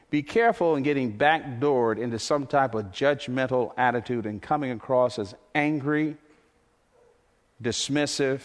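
A man preaching a sermon as pastor, impassioned and repetitive, his voice climbing toward near shouts. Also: mid-range voice, long reverb tail.

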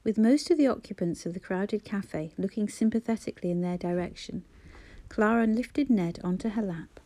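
Woman, audiobook narrator, measured, mellow tone. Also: mid-range voice. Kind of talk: scripted narration.

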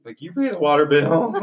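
A woman hosting a casual chat with friends, opinionated and quick to laugh. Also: low-pitched. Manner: chatty, opinionated, laughs often.

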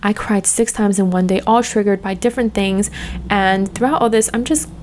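A woman's voice: medium pitch, normal speed, darkish tone, slight background noise. A young woman talking straight to camera in an earnest, open way, with lots of "like" fillers. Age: young adult. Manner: heavy use of "like", earnest and open. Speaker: vlogger. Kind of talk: casual reflective monologue.

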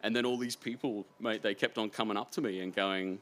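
A man speaks on stage before a live audience with a bright, pushing tone. He rambles through his stories with lively energy, circling back and restarting as he goes. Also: fairly low pitch, brisk. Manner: animated, rambling storyteller. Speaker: author being interviewed.

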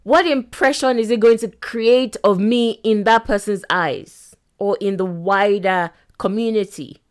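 A woman's voice: mid-range voice, measured pace, clean tone. A middle-aged woman hosting a self-help podcast, talking animatedly and acting out little quoted scenes with laughs. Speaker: podcast host.

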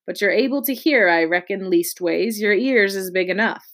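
A woman voicing a gruff, scheming male pirate cook who talks in rough sailor's slang. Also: medium pitch, normal speed, fairly bright tone, natural voice. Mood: scornful. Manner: coaxing, rough sailor's talk.

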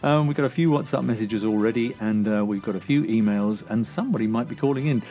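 A man's voice: fairly low pitch, fast, warm tone, faint music behind. A man hosting a comedy chat show, teasing his co-star and laughing often. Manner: giggly, teasing, lots of fillers. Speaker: host.

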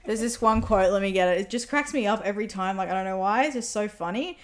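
A woman's voice: mid-range voice, fast talker. A young woman co-hosting a book podcast in casual chat, bubbly and giggly with lots of fillers, recorded in a lounge room. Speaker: podcast co-host. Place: lounge room in a house by a main road.

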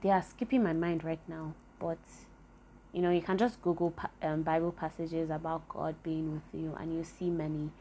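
A woman's voice: low-pitched, steady tone, moderate pace, mellow, a little hiss or hum. A young woman giving an earnest, rambling devotional talk full of fillers like "like" and "you know". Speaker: faith podcaster.

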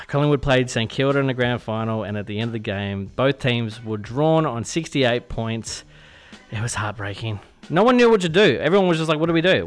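Chatty Australian radio host, stumbling a bit. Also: male voice, medium pitch. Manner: chatty, self-deprecating, stumbles over words. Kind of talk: casual radio show hosting. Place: radio studio.

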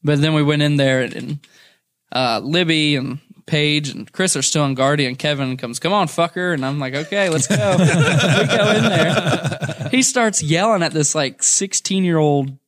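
A man's voice: fairly high pitch, a little slow. Laughing young man telling a rowdy story. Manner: laughing often, profane, animated. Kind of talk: casual storytelling.

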